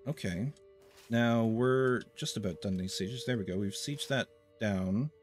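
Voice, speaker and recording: A man's voice: lowish voice, a little slow, soft background music. Wry, rambling man narrating gameplay. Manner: rambling and wry, with many fillers. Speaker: let's play host. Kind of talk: casual gameplay commentary.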